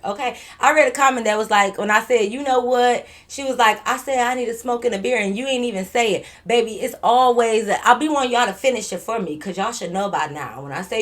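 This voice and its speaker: A woman vlogger telling a story in a casual, animated, profane way, repeating herself and stuttering a little. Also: on the high side, brisk, few pauses.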